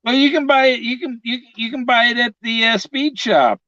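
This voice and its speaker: A man's voice: very high-pitched, moderate pace, sharp tone, dry recording. A man in casual chat, joking and giggling often. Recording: dull, dry lo-fi sound.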